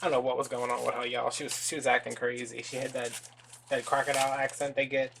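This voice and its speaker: Gravelly, joking man crafting at a table. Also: mid-range voice, flat delivery, quick pace, a bit bright. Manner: joking, rambling, self-mocking asides. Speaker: DIY craft vlogger. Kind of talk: casual crafting vlog chat. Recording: audible background noise.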